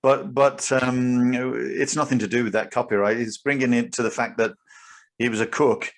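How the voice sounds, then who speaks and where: A man's voice: mid-range voice, fairly even intonation, normal speed. Middle-voiced man explaining at length. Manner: explains at length with many restarts, laughs easily. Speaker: podcast co-host. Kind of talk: casual chat.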